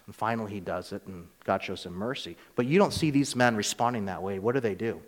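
A man's voice: fairly low pitch, animated, brisk, hardly any pauses. Guy preaching, chatty, lots of echo, reverby hall sound. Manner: conversational, acts out voices of biblical figures. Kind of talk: sermon.

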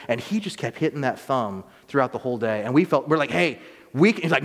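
Man preaching in a reverberant church. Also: mid-range voice. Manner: dynamic preaching, slow scripture reading, quick anecdotes. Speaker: pastor. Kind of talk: sermon. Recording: long reverb of a church hall.

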